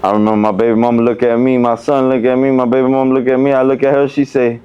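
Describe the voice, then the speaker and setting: A man's voice: mid-range voice, flat delivery, quick pace, mellow, clean tone, lo-fi sound. A young man guesting on a podcast, telling a prison story in heavy street slang and acting out the other people's lines. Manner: profane street slang, acts out quoted voices. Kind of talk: animated storytelling.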